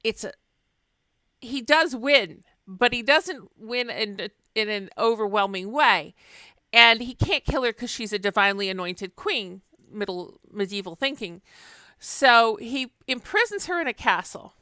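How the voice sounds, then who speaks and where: Bright, crisp-voiced woman lecturing. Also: a little high, animated, measured pace, no echo, clean studio sound. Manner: chatty, wry, with fillers. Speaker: literature lecturer. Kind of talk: casual recorded lecture.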